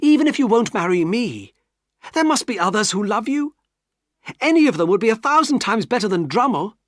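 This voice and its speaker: Heartbroken young guy pleading, man narrating, lively up and down voice, dry close sound. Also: high-pitched, normal speed, dry recording, voice pushed up. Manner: pleading, trembling with emotion.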